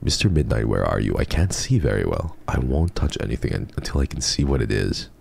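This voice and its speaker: A man plays a horror game on stream, bantering with viewers and reading items aloud in a very low, heavily gravelly voice. He sounds casual and teasing. A faint hiss sits behind his desk mic. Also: big pitch swings, a little fast, darkish tone. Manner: jokey, chatty, reads game text aloud. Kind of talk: casual let's-play chat.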